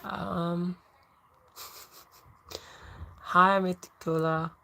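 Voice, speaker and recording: Low-voiced woman chatting on a livestream. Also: level tone, very slow, creaky, bright, forceful tone, low-quality recording. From England. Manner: chatty, laughs often, answers viewers directly. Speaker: livestream host. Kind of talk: casual livestream chat reading comments.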